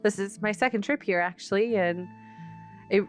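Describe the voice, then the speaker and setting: A woman's voice: mid-range voice, moderate pace, natural voice. A woman playing a coy, flirtatious mouse servant. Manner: coy, playful. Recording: faint fantasy music behind.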